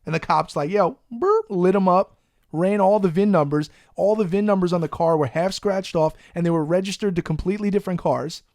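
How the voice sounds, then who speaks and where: A man, hosting a podcast and telling a profane, animated story in a casual way. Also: high-pitched, fairly quick, no echo, studio quality. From Long Island, New York. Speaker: podcast host.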